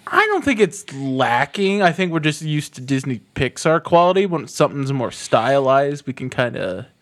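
A man's voice: a little high, big pitch swings, moderate pace. A man co-hosting a movie podcast, teasing and joking in casual chat. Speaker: podcast co-host.

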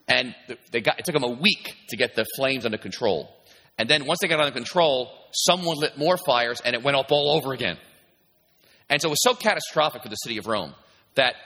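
A man's voice: mid-range voice, pushed and bright. A man preaching a sermon as pastor, talking in a conversational way with many "you know"s and restarts. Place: church sanctuary. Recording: long reverb from a church hall.

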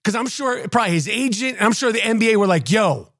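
A man's voice: high-pitched, fast, a bit bright, no echo, studio quality. A man ranting in a casual, profane, mocking way as a podcast host. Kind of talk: casual rant.

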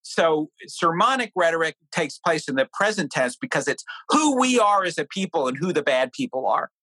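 Being interviewed as a guest, this middle-aged New Hampshire author chats through his ideas and recounts a story about his family, animated and lively in pitch. His voice is slightly rough at normal speed, and the poor audio has no room sound.

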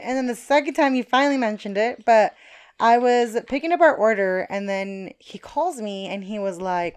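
A woman's voice: on the high side, moderate pace, clear, resonant tone. Chatty sweary young woman telling a story. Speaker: vlogger. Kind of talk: casual storytelling to viewers.

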